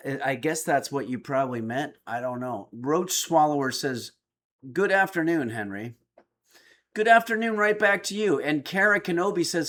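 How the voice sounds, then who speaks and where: A middle-aged man streaming, reading viewer chat aloud with dry, joking replies. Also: mid-range voice. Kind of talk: casual chat.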